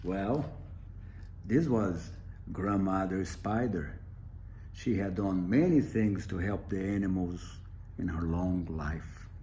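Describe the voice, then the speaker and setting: A man telling a traditional animal story for children, reading expressively with dramatic pauses. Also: deep voice, mellow, a little hiss or hum.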